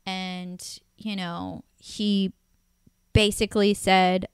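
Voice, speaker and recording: A woman with a smooth, clear voice recounting a personal dating story on a podcast. She speaks emotionally and with animation, cursing freely. The recording is dry and close to the mic. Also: mid-range voice, drawn-out words, no room sound. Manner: emotional, animated retelling, swears often. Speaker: podcast guest.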